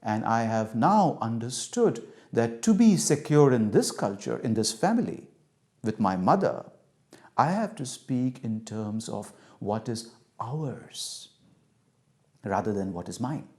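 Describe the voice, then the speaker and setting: A man leads a lecture by telling a story and acting out each part. His pitch swings widely between high and low. He speaks in a middle register. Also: slow. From India. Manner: animated, acts out dialogue. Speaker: cultural intelligence trainer.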